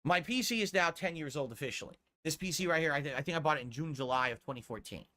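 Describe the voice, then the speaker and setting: Bright-voiced middle-aged man ranting on stream. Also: fairly high pitch, expressive, quick pace. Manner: defensive, ranting, swears often. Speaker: streamer in a played clip. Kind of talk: casual stream talk.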